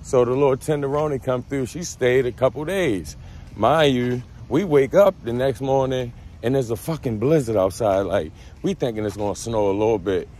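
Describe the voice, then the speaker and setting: Walking outdoors, a man from Baltimore, USA, tells a story in a casual storytime vlog, retelling it with animation in loose, profane street slang and a Baltimore accent. His voice is mid-range, with a little hiss or hum in the recording.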